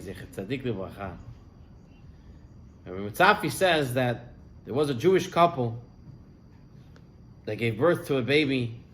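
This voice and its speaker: A man's voice: medium pitch, a little hiss or hum. A man, a rabbi, telling stories in a sermon, his voice rising and falling with the tale. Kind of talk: sermon storytelling.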